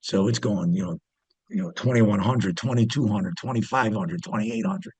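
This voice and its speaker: Guest: husky man, dry close sound, rambling storyteller with lots of fillers. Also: fairly low pitch, moderate pace, darkish tone, no room sound. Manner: rambling, many fillers and restarts. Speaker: interview guest, former pit trader. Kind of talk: casual storytelling.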